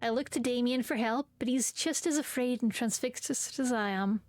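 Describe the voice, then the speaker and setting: A woman's voice: on the high side, normal speed, a little mellow, a little hiss or hum. A woman streaming a dating game, reading its lines aloud with playful comments and silly voices.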